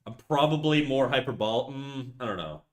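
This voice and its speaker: A man's voice: mid-range voice, expressive, normal speed. A young man streaming live, chatting casually in an upbeat, talkative way, restarting and stumbling over his words.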